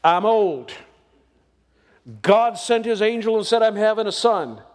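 A man's voice: high voice, normal speed, big-room sound. A man preaching a sermon as pastor, folksy and emphatic, drawing out the verses he reads.

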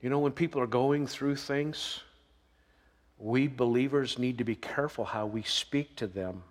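A man's voice: mid-range voice, a little slow. Male pastor, sermon, conversational preaching, emphatic rises, long hall reverb.

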